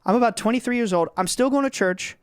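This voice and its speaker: A man in his twenties with a very high-pitched, smooth voice speaks quickly as a podcast guest, telling stories earnestly and energetically in casual chat and often restarting. The studio sound is clean with no echo.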